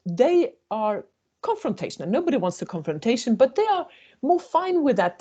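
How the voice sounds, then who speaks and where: A woman leads a webinar on intercultural communication. Her voice is mellow and her intonation is animated. She tells short stories and slips into the voices of the people in them. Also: a little high, husky. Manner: storytelling, acting out quoted voices. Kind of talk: webinar presentation.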